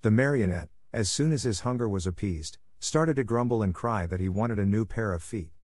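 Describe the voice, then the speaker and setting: A man narrating a classic storybook in a steady, measured reading voice. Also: fairly low pitch, dry recording, clean studio sound. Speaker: audiobook narrator.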